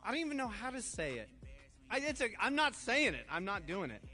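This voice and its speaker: Animated older man fumbling through slang. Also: very high voice, a little fast, faint music behind. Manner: self-mocking, stumbling over slang, laughing. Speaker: youth minister leading a game. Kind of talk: playful group game in front of students.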